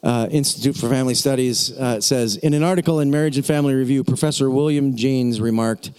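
A middle-aged man preaching with a lively story, acting out voices and shouting encouragement. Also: mid-range voice, fast, clean tone. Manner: animated, acts out the people in his story, shouts encouragement. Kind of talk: storytelling sermon.

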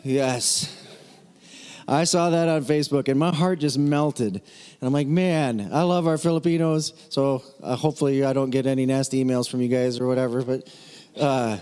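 A man preaching a casual, chatty sermon as pastor, animated and mimicking voices now and then. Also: medium pitch, moderate pace, clean tone, big-room sound. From United States.

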